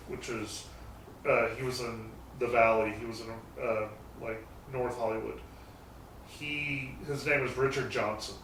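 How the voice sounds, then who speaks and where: A man appears as a guest, casually telling rambling stories about his garage shop with the occasional mild curse. His voice is medium-pitched and fairly bright. The mic is distant in an echoey garage, with faint noise.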